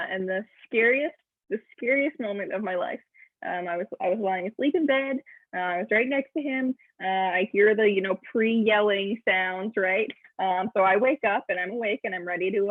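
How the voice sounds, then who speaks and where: A woman's voice: medium pitch, normal speed, dry recording. Hesitant woman on a tinny line. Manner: hesitant, many ums and uhs. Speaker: improv performer telling a true story. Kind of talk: storytelling monologue.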